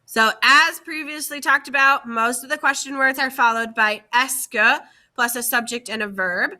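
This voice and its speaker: A woman's voice: high voice, normal speed, bright, forceful tone. A woman teacher giving a slide-based lesson, speaking carefully and repeating key words for her students. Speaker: French teacher.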